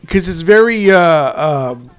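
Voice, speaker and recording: A man's voice: on the high side, lively intonation, slow pace, clean tone. A man co-hosting a casual movie reaction chat who rambles through stories and laughs easily.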